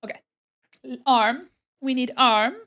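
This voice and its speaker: A woman with a fairly high voice chats to her stream while drawing. She is playful and talkative, with lots of little "hold on"s and teasing asides to her viewers. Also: steady tone, slow pace, pushed and bright. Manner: chatty and playful, talks to chat while working. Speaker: art streamer.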